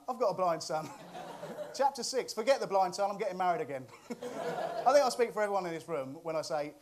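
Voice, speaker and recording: A man's voice: sits high, background noise. A man hosting a comic news monologue, cheeky and often laughing at his own jokes. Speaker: comedy show host.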